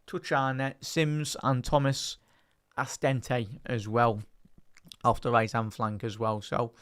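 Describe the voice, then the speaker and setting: A young man with a Liverpool accent hosts a live football watch-along and talks casually with his chat between plays. When the action picks up he moves into quick play-by-play calls. His voice is smooth and clear, sits at a middle pitch, and is recorded dry and close. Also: flat delivery, fairly bright tone, no room sound. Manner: chatty, reads live chat aloud and lifts into play-by-play calls. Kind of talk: live match-day watch-along commentary.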